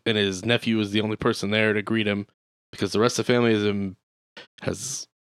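A man with a fairly low voice co-hosts a podcast in a relaxed, casual chat. He tells wry, rambling stories. The sound is close and dry, with no room echo. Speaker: podcast co-host.

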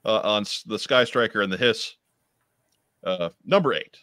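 A man co-hosting a casual livestream, reading out viewer comments with halting restarts. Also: lowish voice, expressive, bright, forceful tone, clear, resonant tone, no room sound, studio quality. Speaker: podcast co-host.

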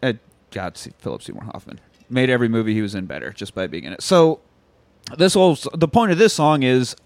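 A man co-hosting a movie rewatch podcast talks in a loose, joking way with plenty of swearing. His voice is pitched in the middle of the male range. It is recorded close and dry, with no room sound. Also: sing-song, quick pace, no echo. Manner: profane, joking, tangent-prone storytelling. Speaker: podcast co-host. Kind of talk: casual movie rewatch chat.

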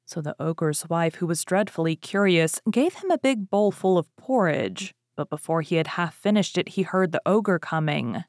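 A woman narrates a classic fairy tale in an expressive storybook voice. She leans on exciting words with bright upward lifts. Her voice sits low and sounds dry and close to the mic. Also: normal speed, hardly any pauses, no echo. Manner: expressive reading with lively rises. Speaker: story reader.

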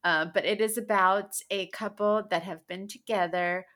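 A woman's voice: medium pitch, steady tone, normal speed, fairly bright tone. A woman co-hosting a podcast, telling a story in casual chat and laughing often. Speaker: podcast co-host.

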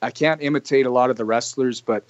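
A man's voice: mid-range voice, steady tone, fast, no room sound. A young man from Canada, a podcast guest telling stories casually, rambling with restarts. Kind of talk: casual storytelling. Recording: dry muffled lo-fi audio.

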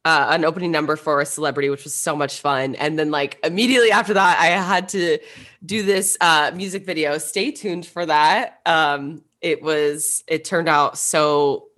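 An upbeat woman co-hosts a podcast in casual chat. Her voice sits very low for a woman, and she gushes with enthusiasm. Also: normal speed, a bit bright. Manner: upbeat, gushing. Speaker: podcast co-host.

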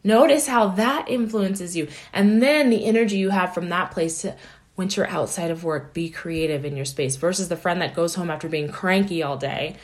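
A woman's voice: fairly low pitch, moderate pace. Encouraging woman life coach. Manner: earnest, encouraging, often tags "right?". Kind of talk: motivational solo talk.

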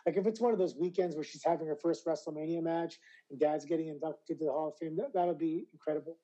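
Man from Canada, forties, dark warm voice, lively storyteller, casual interview guest. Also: on the high side, fast, rough recording. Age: 40s. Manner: animated storyteller, acts out quoted voices. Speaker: guest, retired wrestler.

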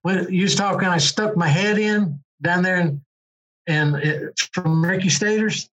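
An older man who used to race motorcycles rambles casually through his stories in a high, fairly bright voice at a measured pace. Restarts and fillers are everywhere, and the recording is dull lo-fi.

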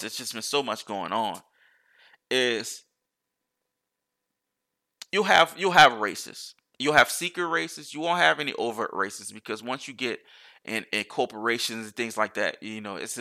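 A man's voice: medium pitch, pushed and bright. A man talking in a casual, rambling monologue, swearing freely and restarting his sentences often.

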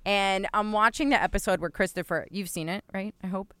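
A woman in her thirties co-hosting a podcast in casual chat, animated and laughing often as she tells stories. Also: medium pitch, fairly quick, clean tone, no echo. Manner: animated, laughs often, mimics voices in quotes. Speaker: podcast co-host.

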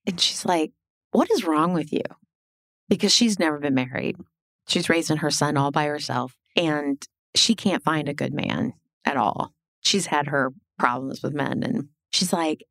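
A middle-aged woman telling her life story as a podcast guest, animated and blunt, swearing and acting out what people said. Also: low-pitched, moderate pace, no echo, clean studio sound. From Illinois. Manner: animated, swearing, acts out quoted dialogue. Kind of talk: casual storytelling interview.

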